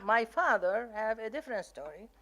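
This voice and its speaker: An older woman with an Arabic accent tells stories from her own life to an audience. She slips in and out of quoted dialogue from her family and gives each quote a little life. Her pace stays steady and conversational. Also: a little high, normal speed. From Palestine. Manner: animated storytelling, acting out family quotes. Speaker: memoir author. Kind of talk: reading and telling memoir stories.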